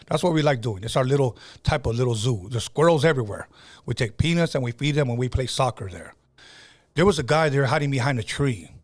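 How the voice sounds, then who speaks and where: A man's voice: mid-range voice, lively intonation, brisk. A middle-aged man hosting a podcast, telling stories in a casual, conversational way with frequent fillers and restarts. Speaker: podcast host.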